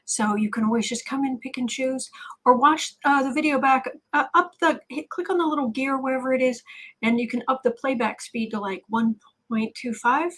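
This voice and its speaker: Woman, livestream host, a little high, husky, chatty and blunt. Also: fairly bright tone. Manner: chatty, fast-talking and blunt. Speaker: tarot reader and livestream host. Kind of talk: casual livestream chat.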